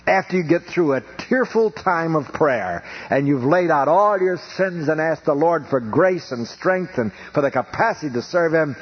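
A middle-aged man preaching a sermon in an emphatic, rhythmic style, rising and falling for effect. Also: husky. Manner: emphatic, rhythmic preaching with wide swings in pitch and volume. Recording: dull lo-fi radio broadcast.

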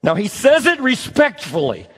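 Animated high-voiced male preacher. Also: moderate pace, husky, big-room sound. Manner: animated, acts out dialogue, talks to the audience. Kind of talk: sermon with storytelling.

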